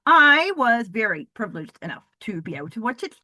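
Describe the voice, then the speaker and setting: A woman hosting a solo wrestling review podcast, excitable and profane, swinging from loud bursts to low mutters, her voice going hoarse. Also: a little fast, dry recording. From Southern Hemisphere. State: losing her voice. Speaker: podcast host.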